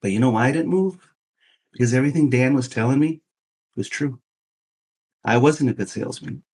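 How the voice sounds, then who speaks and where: A man's voice: mid-range voice, brisk, breathy edge. A man in his fifties telling a long personal story as a podcast guest, acting out the voices of the people in it. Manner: animated, acts out quoted voices. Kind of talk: casual storytelling.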